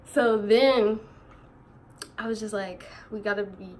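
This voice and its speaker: A young woman in her teens telling a storytime vlog in casual chat, animated, slangy and quick to laugh while she quotes others. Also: mid-range voice. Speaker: vlogger.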